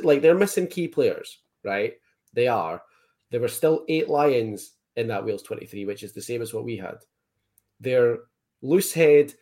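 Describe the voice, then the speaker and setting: A man co-hosting a podcast, telling stories in a lively, animated way and mimicking the people he talks about. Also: mid-range voice, no echo, studio quality. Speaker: podcast co-host. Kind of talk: casual sports chat.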